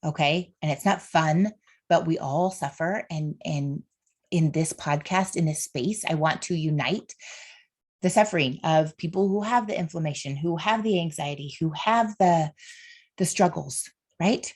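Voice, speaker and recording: A woman's voice: low voice, unhurried, a little mellow. Earnest woman podcast host. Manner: earnest, heartfelt, talks straight to listeners; faith-based encouragement. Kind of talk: solo motivational podcast monologue.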